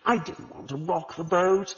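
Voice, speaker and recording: A man reading the lines of a pompous, self-satisfied gentleman, talking evasively. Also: high-pitched, measured pace, voice pushed up. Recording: reverberant, slightly dull audiobook recording.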